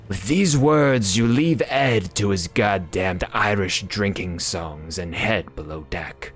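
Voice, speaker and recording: A man narrating a game's story text aloud in a measured, brooding delivery as a let's-play host. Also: sits low, soft background music. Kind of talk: slow dramatic narration of game text.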